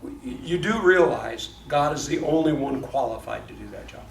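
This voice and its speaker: Gravelly guy leading a bible study, stumbles and restarts a lot, roomy sound w/ a little hiss. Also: on the high side, moderate pace. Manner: animated storytelling with frequent restarts and stammers. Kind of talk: casual Bible study teaching. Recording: echoey room, mic at a distance, faint noise.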